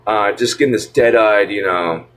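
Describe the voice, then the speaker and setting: A man's voice: lowish voice, normal speed, fairly bright tone. A man ranting casually to the camera, rambling and stammering in an irritated way, with a nasal voice. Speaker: vlogger.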